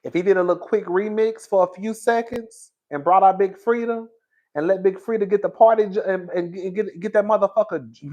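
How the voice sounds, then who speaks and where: A young man hosting a casual gossip talk show, animated and campy, laughing loudly and using lots of slang. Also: high voice, a little fast. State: out of breath. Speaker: host.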